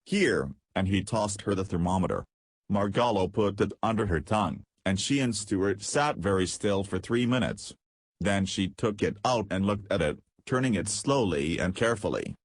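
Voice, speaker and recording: Low husky male audiobook narrator. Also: moderate pace, no echo. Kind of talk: scripted narration.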